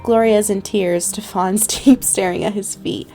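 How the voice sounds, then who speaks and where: A woman's voice: mid-range voice, steady tone, moderate pace, dark tone, soft background music. Young woman reading a game aloud. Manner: reads story text aloud with playful asides. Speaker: gaming channel host. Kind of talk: let's play narration.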